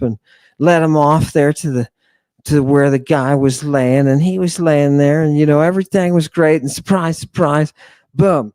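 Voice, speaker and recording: A man lecturing late at night in a rambling, sardonic way that speaks directly to listeners. His delivery is very slow, with a dark, mellow tone. The sound is dry and close, with no room echo. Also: fairly high pitch. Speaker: podcast host.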